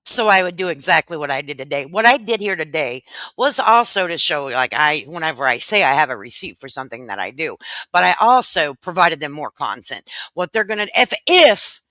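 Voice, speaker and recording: Woman channel host from Chicago, bright and sharp voice, outspoken, dry sound. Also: deep voice, very animated, a little fast, no echo, poor audio. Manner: outspoken, crude, laughs easily. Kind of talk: livestream casual chat.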